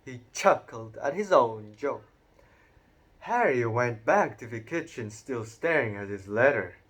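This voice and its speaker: Male audiobook narrator, slow, animated pitch, storybook read-aloud. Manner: unhurried, expressive, occasional stumbles.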